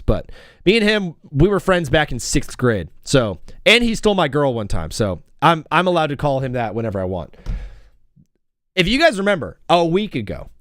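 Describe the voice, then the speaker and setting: A man's voice: mid-range voice, a bit bright, no room sound, clean studio sound. A young man hosting a casual live sports stream, rambling and joking while he calls game plays as they happen. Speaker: livestream sports host.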